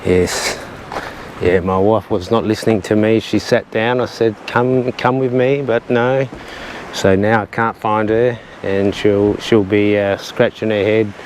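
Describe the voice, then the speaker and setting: A man with a lowish voice chats his way along an outdoor trail, rambling easily with plenty of "uh"s. The clip is handheld and outdoors, and clear open-air noise sits under his voice throughout. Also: poor audio. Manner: chatty and rambling, with frequent "uh" and a light joking tone. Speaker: vlogger. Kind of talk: casual walking vlog narration. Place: outdoors on coastal cliff trails and caves.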